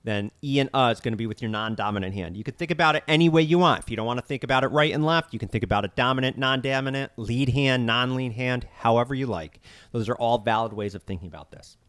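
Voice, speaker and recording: A man's voice: mid-range voice, fast, a bit bright, clear, resonant tone, no echo. A man teaching a drum lesson, counting beats aloud and explaining each step plainly. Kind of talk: instructional lesson.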